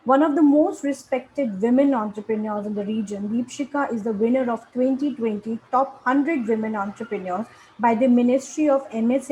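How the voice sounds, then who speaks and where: A woman's voice: a little high, warm tone, a little hiss or hum, poor audio. A woman host, formally reading a guest introduction over a video call. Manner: formal, reads an introduction, polite.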